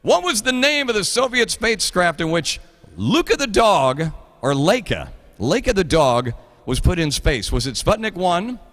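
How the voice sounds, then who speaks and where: Man in his 50s, trivia host, bright and lively voice, joking and rambling, long reverb. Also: high voice, normal speed. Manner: playful, jokey, rambling. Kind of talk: live trivia show hosting.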